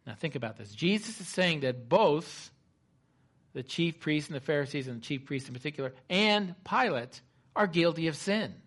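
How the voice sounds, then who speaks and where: A male preacher delivering a sermon in a fairly high voice. He reads scripture aloud and acts out the quotes. He swings from loud, dramatic delivery to quiet, hushed tones. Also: expressive, moderate pace.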